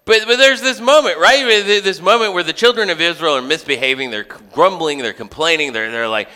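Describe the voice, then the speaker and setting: A man's voice: fairly high pitch, fairly quick, hardly any pauses, sharp tone, smooth. A man preaching a sermon as a pastor in a church, conversational, with joking asides and frequent restarts. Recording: long hall reverb.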